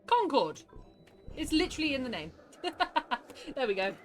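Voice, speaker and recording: A woman streaming a game live, grumbling and exasperated, quick to laugh at herself. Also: high voice, big pitch swings, faint music behind.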